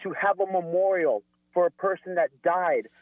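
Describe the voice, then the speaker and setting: Earnest man on a tinny phone line. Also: sits high. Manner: earnest, deliberate, with many um fillers. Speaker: guest on phone. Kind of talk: earnest radio interview. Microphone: telephone.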